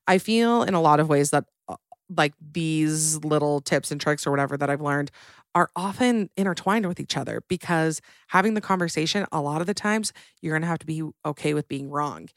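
A woman's voice: low voice, a little fast, dry recording, studio quality. A young woman hosting a solo podcast, talking in a candid, chatty and emotional way. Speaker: podcast host.

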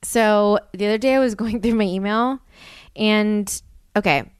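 A young woman hosting a podcast in casual chat, talking fast with lots of "like" fillers. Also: mid-range voice, clear, resonant tone, no room sound, clean studio sound. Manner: chatty, filler-heavy with lots of "like". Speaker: podcast host.

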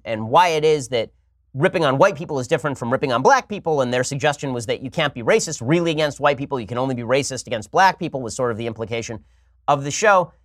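A man's voice: a little high, a bit bright, no room sound, clean studio sound. A man hosting a political talk show, delivering a sarcastic, argumentative commentary monologue. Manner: rapid-fire, argumentative, sarcastic.

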